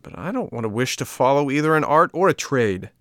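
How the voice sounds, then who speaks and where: A man voicing an impulsive wooden puppet boy, excited and pleading in a storybook reading. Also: on the low side, moderate pace, no echo, studio quality, natural voice. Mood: sulky.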